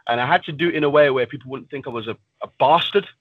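A man's voice: mid-range voice, rapid-fire, husky, no echo, muffled recording. A man, a professional fighter, talking casually and bluntly in an interview and swearing freely. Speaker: pro fighter guest.

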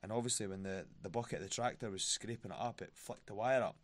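A man's voice: fairly low pitch, fast. A young Scottish man chatting on a podcast, telling stories with lots of laughs. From Scotland. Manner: laughs often, storytelling with quoted voices. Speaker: guest fighter. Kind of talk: casual podcast chat.

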